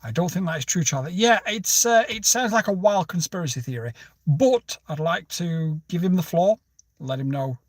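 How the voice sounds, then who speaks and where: A man hosts a casual live chat from his home studio, reading out viewer comments and spinning wry anecdotes that keep jumping into lively outbursts. His voice sits a little higher than most men's. It comes through a dry, slightly distant microphone. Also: moderate pace, no echo. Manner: chatty, wry storytelling with sudden animated outbursts. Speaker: livestream host.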